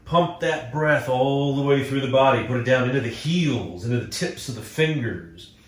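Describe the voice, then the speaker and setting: In an indoor room in front of a green screen, a male yoga instructor leads a guided class, calling out breaths and poses and joking in between. His voice is medium in pitch, his pace is normal, and the sound is roomy.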